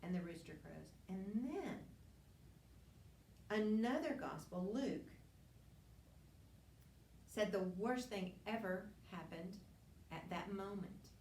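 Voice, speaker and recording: A woman's voice: mid-range voice, animated, slow, long pauses, darkish tone, slight background noise. A woman teaching a Bible lesson, retelling scripture in an earnest storytelling way with frequent restarts and asides. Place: church classroom. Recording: roomy, distant mic with faint ambience.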